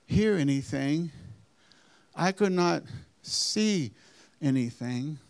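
A man with a slightly high, gravelly voice tells his personal testimony at an unhurried pace. His phrasing is deliberate and earnest, with small halting restarts. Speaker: storyteller giving a personal testimony. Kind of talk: slow, earnest spoken testimony.

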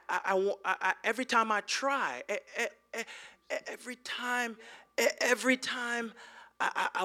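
A male preacher voicing a disabled man who stammers softly through his excuses. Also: full character voice. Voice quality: stammering, soft and low. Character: disabled man lying by pool, making excuses.

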